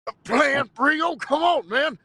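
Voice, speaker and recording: A man's voice: very high voice, takes it slowly, creaky, bright, forceful tone. A man playing a tabletop game who reacts with exasperated, laughing frustration. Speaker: player. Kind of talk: casual play chat.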